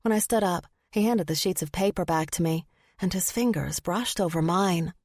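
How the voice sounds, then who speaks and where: Lady reading a first person audiobook, kinda low voice, super dry studio sound. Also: moderate pace, a little mellow, dry recording. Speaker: audiobook narrator.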